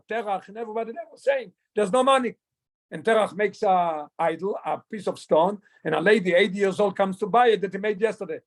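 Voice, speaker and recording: A middle-aged rabbi, teaching a Torah class and asking and answering his own questions. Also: high-pitched. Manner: mixes English with Yiddish and Hebrew terms, asks and answers his own questions. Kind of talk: Torah lesson explaining a text.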